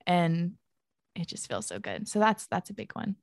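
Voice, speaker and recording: A woman's voice: lowish voice, sing-song, moderate pace, vocal fry, dry recording, studio quality. A young woman talking casually as a podcast guest. She is chatty, says "like" a lot and laughs often. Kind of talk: casual conversation.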